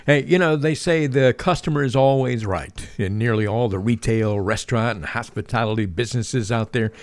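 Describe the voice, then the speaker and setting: A man hosting a radio talk show, with an animated announcer delivery and a joking manner. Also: medium pitch, normal speed, no room sound.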